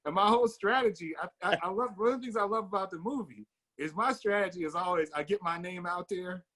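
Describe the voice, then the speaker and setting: A man's voice: sits high, quick pace, a bit bright. An American man in a casual group discussion, explaining his views earnestly and at length. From United States. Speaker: discussion participant.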